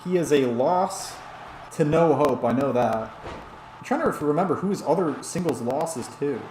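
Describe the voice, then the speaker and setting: A man's voice: on the high side, animated, a little slow, darkish tone. Tipsy male streamer, rambling play-by-play on a wrestling game while reading chat, roomy echo, faint hiss behind. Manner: rambling, chatty, talks back to chat comments.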